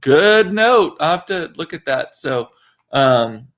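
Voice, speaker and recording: A man's voice: a little high, big pitch swings, slow pace, fairly bright tone. Chatty man hosting a livestream. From South Texas. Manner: chatty and rambling, with many fillers and restarts. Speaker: livestream host. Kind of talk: casual live-stream chat.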